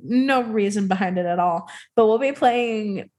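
A woman's voice: medium pitch, measured pace, a little mellow. A woman co-hosting a podcast from the United States, chatting casually in a giggly, crude and blunt way. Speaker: podcast co-host. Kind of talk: casual chat.

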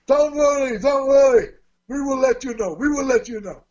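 A man's voice: very high voice, normal speed, a little mellow, lo-fi sound, voice pushed up. A man voicing a venue owner with a heavy accent, brushing off worries in a reassuring, dismissive way.

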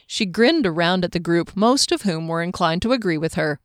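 A woman reading a fantasy novel aloud in a steady, even narrating voice. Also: lowish voice, a little fast, smooth, no echo, clean studio sound. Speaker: audiobook narrator.

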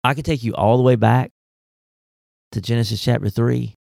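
A man, a pastor talking faith in a casual discussion, folksy and animated, firing off rhetorical questions. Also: mid-range voice, normal speed, creaky, no echo, clean studio sound.

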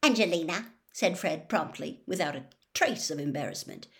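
A woman narrating a children's fantasy novel aloud in an expressive reading style. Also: sits low, normal speed, vocal fry. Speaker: audiobook reader. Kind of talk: storybook narration.

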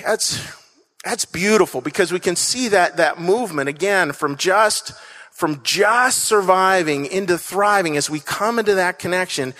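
A man's voice: high-pitched, a little slow, pushed and bright. A man preaching a sermon to a congregation, earnest, repeating key phrases and leading the crowd in call-and-response. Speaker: pastor. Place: church stage before a congregation. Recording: echoey church hall.

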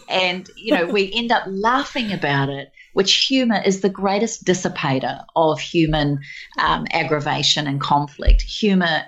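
A woman guest telling lively anecdotes in conversation, acting out quotes with warmth. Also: fairly low pitch. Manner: animated, warm anecdotes with laughs and acted quotes. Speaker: guest speaker. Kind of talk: conversational storytelling.

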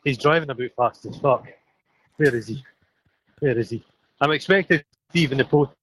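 A man from Scotland with a Scottish accent, ill and out of breath, chatting excitably and swearing freely as a podcast co-host on a phone call. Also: medium pitch, moderate pace, slightly rough. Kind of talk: casual chat on a phone call.

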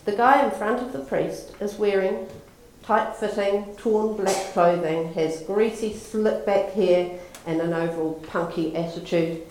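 A woman's voice: medium pitch, unhurried, a little mellow, a little hiss or hum. A woman giving a sermon in a conversational, storytelling manner. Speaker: preacher. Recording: echoey room.

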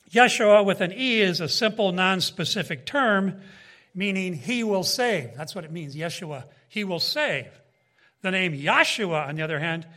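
A man's voice: high-pitched, fairly bright tone. A man preaching a Bible teaching in sermon style, emphatic, with rising and falling delivery and asides to his listeners.

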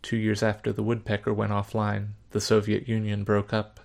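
A man narrating a story in the first person, measured, subdued and reflective. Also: lowish voice, completely flat delivery, creaky.

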